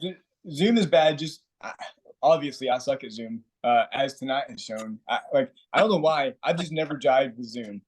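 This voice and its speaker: A male actor as a guest on a video call, talking casually and haltingly about his trouble with online auditions. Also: mid-range voice. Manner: halting, self-deprecating. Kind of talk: casual chat.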